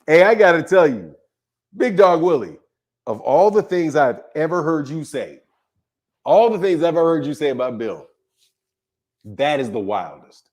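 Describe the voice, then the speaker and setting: A man's voice: fairly high pitch, very animated, a little slow, pauses often, darkish tone. A man hosting a live boxing stream, chatting casually, laughing often and greeting viewers by name. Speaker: boxing channel host.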